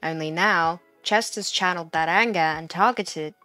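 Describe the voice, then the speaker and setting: A woman's voice: fairly low pitch, normal speed, pushed and bright, no room sound, faint music behind. A woman giving casual, chatty commentary as she plays a video game, reading objectives aloud and laughing at what happens. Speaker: gaming video host.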